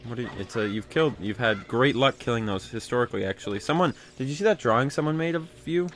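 A young man keeps up easy, joking chatter while someone else plays. His voice sits mid-pitch and he slips into teasing asides. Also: fast talker, fairly bright tone. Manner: joking, playful, breaks into silly voices. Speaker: co-host of a gaming channel. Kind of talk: casual chat over gameplay.

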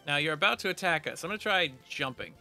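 A man's voice: fairly high pitch, animated, fast, creaky, bright, forceful tone, soft background music. A man giving casual, playful commentary while playing a game, reading its text aloud with jokey asides. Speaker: gaming video creator. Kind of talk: casual let's play commentary.

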